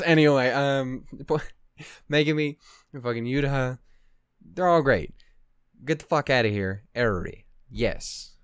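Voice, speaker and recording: A man's voice: medium pitch, no echo, studio quality. A young man casually rambling and swearing while reacting to an anime at his desk at home. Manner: rambling, profane, laughs often.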